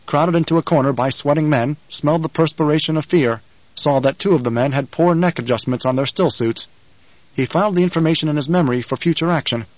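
A man reading a story aloud as audiobook narrator, with measured, even delivery. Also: on the high side, dry recording, muffled recording. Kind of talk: scripted narration.

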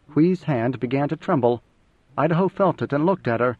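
A man's voice: mid-range voice, animated, moderate pace, a little mellow, dry recording. Man narrating an audiobook, dry sound. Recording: dry, slightly dull audio.

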